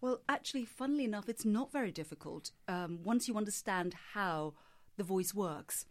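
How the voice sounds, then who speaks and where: A woman voice coach answering interview questions in a measured, explanatory way, sometimes demonstrating her own voice. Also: mid-range voice.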